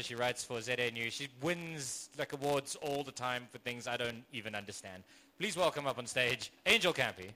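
A man's voice: mid-range voice, bright, forceful tone, a little hiss or hum. A South African man hosting a comedy podcast, rambling and joking with self-deprecating banter before a live audience. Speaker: podcast host. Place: live audience show in a hotel room.

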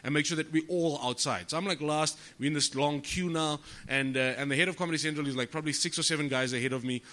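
Comic on a podcast, bright edgy voice, acts out his quotes. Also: fairly high pitch, fast. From South Africa. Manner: animated storyteller, swears freely, acts out quotes. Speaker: comedian guest. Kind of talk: storytelling podcast chat.

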